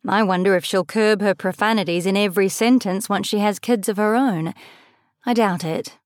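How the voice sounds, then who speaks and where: A young adult woman reading a first-person audiobook, measured and lightly expressive, on a close studio mic. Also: mid-range voice, no echo. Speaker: audiobook narrator.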